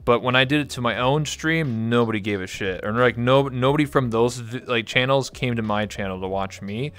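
A man's voice: mid-range voice, fairly quick, a bit bright, clean tone. A man from Canada, a guest in a casual interview, telling a long story candidly and rambling with many fillers. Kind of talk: casual conversation.

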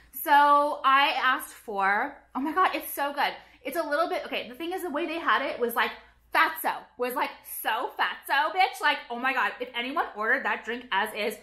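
High bright-voiced woman ranting casually. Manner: fast, profane, dramatic rants with constant "like". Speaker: beauty vlogger. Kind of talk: casual chat to camera. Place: at home.

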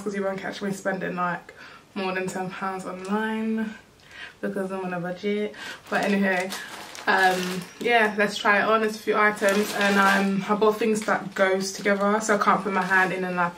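A young woman from the UK chatting casually through a clothing try-on haul at home, rambling and playful. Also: mid-range voice. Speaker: fashion vlogger. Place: room at home. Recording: distant camera mic with background noise.

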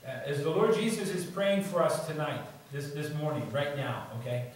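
A man's voice: on the high side, expressive, normal speed. A male pastor preaching a sermon in a conversational way, often adding "you see" and "okay?", recorded in a church. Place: church sanctuary. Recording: very echoey church, distant mic, faint noise.

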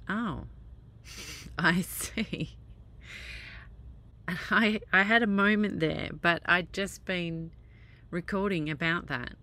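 Driving around hills outdoors, a woman talks to camera for her spiritual vlog, chatty and amused at herself yet at times emotional and tearful. Her fairly low voice is slow, with long pauses and a bright, forceful tone.

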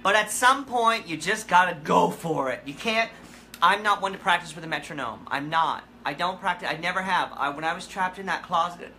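A woman hosts a live comic question-and-answer session in character. Her voice sits a little low but sounds bright and forceful. She tells absurd stories deadpan and rambles through halting restarts. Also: a little hiss or hum. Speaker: comedic musician persona hosting a live Q&A. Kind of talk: rambling comic livestream chat.

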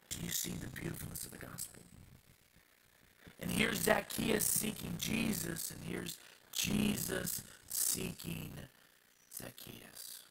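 A man preaching a sermon as pastor, swinging from hushed asides to loud shouted passages. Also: high-pitched, gravelly, a little hiss or hum, poor audio.

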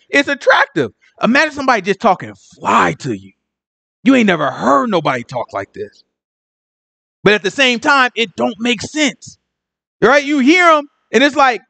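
Slangy male Bible teacher, high voice, dry close sound, acts out the characters. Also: fairly bright tone, dry recording.

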